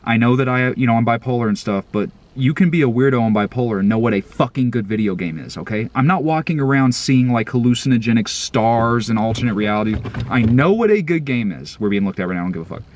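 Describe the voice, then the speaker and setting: A man hosting a vlog in a casual, profane rant, excitable and jumping between loud outbursts and muttered asides. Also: mid-range voice, quick pace, few pauses. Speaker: vlog host.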